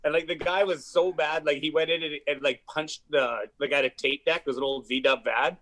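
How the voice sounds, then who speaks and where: A man's voice: on the high side, a little fast. A man tells rowdy stories in loose podcast chat, swearing freely and stumbling through fillers. His voice sits a little above the usual for men. He keeps piling on details as he goes. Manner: rambling, profane, animated storytelling.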